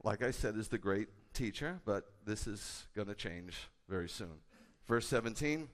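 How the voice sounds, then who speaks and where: A man, a rabbi, preaching a sermon with a conversational manner and bursts of loud, emphatic delivery. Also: fairly low pitch, measured pace. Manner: animated, rising to loud emphatic peaks. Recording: hall with long reverb.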